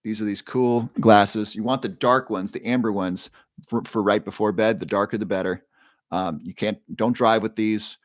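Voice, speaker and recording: Speaking at normal speed in a fairly low voice, a livestream host sounds relaxed in a clean, dry studio recording. He guides his audience through breathing, chats casually, and takes questions, naming each viewer aloud.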